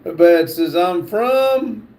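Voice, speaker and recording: A man hosting a livestream, reading chat comments aloud in a halting way with fillers and restarts. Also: high-pitched, animated, darkish tone. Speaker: livestream host.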